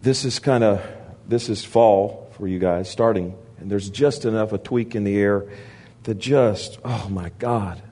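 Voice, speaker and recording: Man, guest preacher, storytelling sermon, animated, laughs a lot, lowish pitch. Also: measured pace. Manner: animated, laughs often while telling stories.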